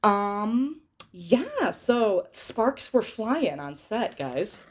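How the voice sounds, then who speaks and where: A woman's voice: mid-range voice, very animated, extremely slow. A young woman hosting a podcast, recapping a film in a chatty, rambling way with lots of fillers and giggles. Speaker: podcast host. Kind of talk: casual movie recap chat.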